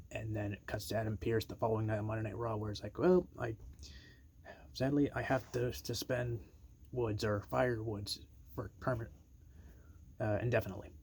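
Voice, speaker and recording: Gravelly man rambling through a story. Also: on the low side, a little mellow, slight background noise. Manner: rambling, acts out quotes in a raised voice. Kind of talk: casual storytelling, pitching a wrestling storyline.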